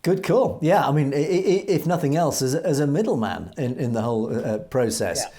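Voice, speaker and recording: A man's voice: medium pitch, expressive, normal speed, dark tone. A man co-hosting a political commentary show, emphatic and earnest, often restarting his sentences as he reads out viewer comments. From United Kingdom. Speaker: co-host reading viewer comments.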